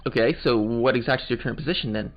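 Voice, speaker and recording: A man's voice: mid-range voice, very fast. A man playing and voicing a game, chatting in a loose, joking way. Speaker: let's play host voicing the game. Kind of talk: casual game commentary and voicing. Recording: muffled, game music behind.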